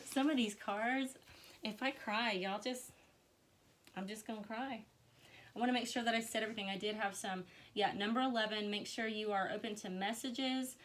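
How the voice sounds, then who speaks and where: A woman's voice: mid-range voice, fairly bright tone, slight background noise. A woman reading tarot cards on a live stream, chatty and emotional, with many fillers. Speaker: tarot reader.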